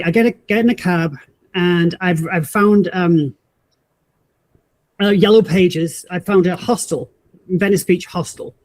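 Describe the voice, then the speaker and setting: A woman in her 50s with a lowish voice appears as a podcast guest, animatedly telling a personal story. She acts out the voices of people she met and often restarts her sentences.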